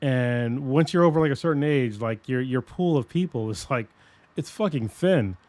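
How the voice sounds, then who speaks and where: A man's voice: mid-range voice, normal speed, no room sound. A man in his forties hosting a podcast in casual chat, rambling, swearing a lot and restarting his sentences. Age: 40s. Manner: rambling, profane and animated, with many restarts. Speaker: podcast host.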